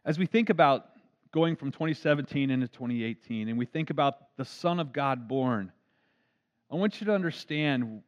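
A man's voice: medium pitch, lively intonation, moderate pace. A man, a pastor, preaching an earnest storytelling sermon. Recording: dull lo-fi recording.

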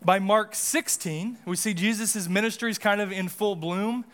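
A man's voice: high-pitched, moderate pace, fairly bright tone. A man pastor giving a casual, conversational sermon in a church, with frequent restarts and asides. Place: church sanctuary.

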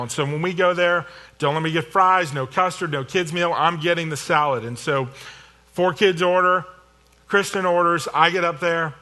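A middle-aged man preaching in a bright, forceful voice that sits a little high for a man. He talks to the congregation in a conversational, self-deprecating way, mixing personal stories into the sermon. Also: normal speed. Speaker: pastor.

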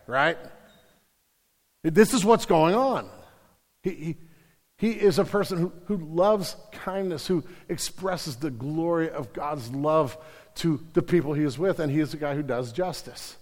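A man's voice: fairly high pitch, moderate pace. Preacher man in an echoing hall. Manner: animated preaching with repeated restarts. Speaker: pastor. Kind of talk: sermon. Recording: long hall reverb.

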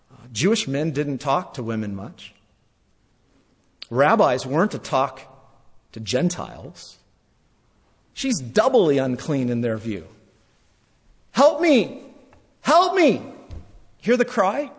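A man preaching a sermon, repeating phrases for emphasis and swinging between loud and hushed. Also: medium pitch, sing-song, slow pace, long pauses, slightly rough, in a large hall.

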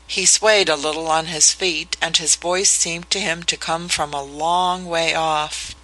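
Bright-toned audiobook narrator. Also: medium pitch, steady tone, measured pace, hardly any pauses, low-quality recording. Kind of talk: scripted narration.

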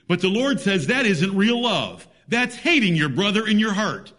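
A man's voice: high voice, very animated, moderate pace, a bit bright. A man preaching a sermon, emphatic, reading scripture in old-fashioned biblical wording.

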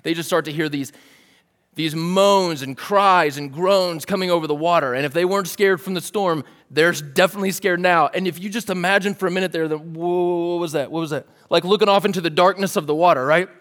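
High-voiced man preaching in a reverberant hall. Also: fairly quick, a bit bright. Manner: casual, vivid storytelling with "like" and "dude". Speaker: pastor. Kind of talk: sermon.

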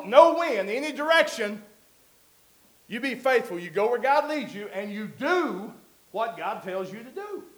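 A man with a very high voice preaches a sermon. He talks to the congregation in a conversational way, then climbs to loud, emphatic peaks. His voice rings through an echoey church hall.

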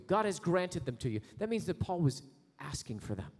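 A male pastor preaching a sermon, building to slow, loud, rising prayer passages. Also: high voice, big pitch swings, slightly rough. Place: church sanctuary. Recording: long hall reverb.

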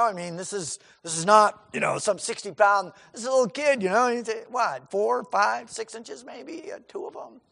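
A man's voice: sits high, creaky, a bit bright, long reverb tail. A man preaching a sermon in a conversational, folksy way, acting out scenes with quoted voices and many asides. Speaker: pastor.

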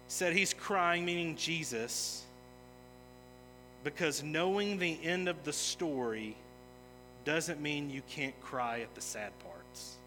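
Slow and forceful, this pastor's slightly high, bright voice carries an earnest, emphatic sermon that rises in intensity at points. Music and the long reverberation of a large hall fill the recording.

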